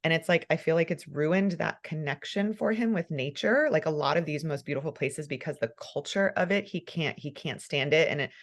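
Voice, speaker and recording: Woman podcast host, really low voice, passionate and laughy, casual chat. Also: a little fast, few pauses. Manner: emotional, fervent, laughs often. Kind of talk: casual conversational interview.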